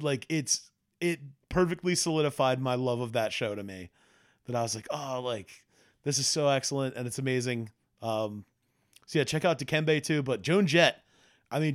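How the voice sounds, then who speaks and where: A man co-hosting a podcast, chatting casually and animatedly with frequent laughs. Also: medium pitch. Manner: animated, laughs often, quotes scenes in put-on voices. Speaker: podcast co-host. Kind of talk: casual chat.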